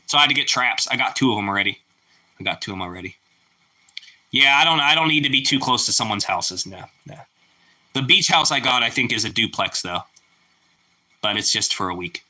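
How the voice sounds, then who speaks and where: Man, young adult, livestream host, casual chatty talk, crisp bright tone, streaming mic. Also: medium pitch, fairly quick, pauses often. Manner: relaxed, chatty, exclaims "woo" over food. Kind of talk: casual live chat with viewers.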